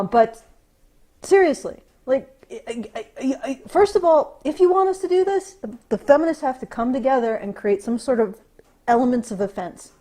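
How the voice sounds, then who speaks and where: A woman's voice: sits high, darkish tone. Sarcastic, profane woman podcast host. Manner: sarcastic, profane, halting restarts. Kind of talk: casual ranting commentary.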